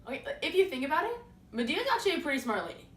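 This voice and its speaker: A young woman retells a play as a casual, sarcastic comedy bit, full of slang and asides. Her voice is bright and a little high. She sounds set back from the mic with a faint hiss behind her. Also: very animated, very fast, recorded from a distance. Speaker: student summarizing a play.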